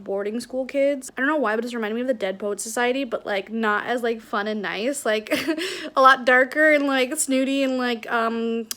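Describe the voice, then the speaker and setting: A woman's voice: on the high side, a bit bright. A young woman chatting casually to camera in a book vlog, rambling with many fillers as she vents. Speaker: book vlogger.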